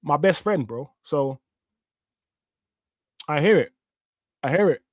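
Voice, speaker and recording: A man in his fifties, Jamaican-born, now, rants through a casual live stream, slangy and swearing, in a voice pitched a little higher than most men's. The sound is dry and close, with no room around it. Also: animated, takes it slowly, no echo. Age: 50s. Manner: heated, swearing, street slang. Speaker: watch-along stream host.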